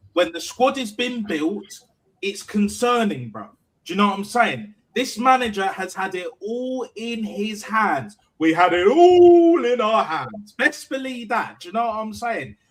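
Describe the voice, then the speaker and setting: A man in a heated fan reaction, his voice pitched high and swinging wildly up and down. He keeps driving his points home, again and again, with slangy emphasis. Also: fairly bright tone, rough recording. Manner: emphatic, repeats "do you know what I'm saying". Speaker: fan channel host. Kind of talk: passionate football fan reaction.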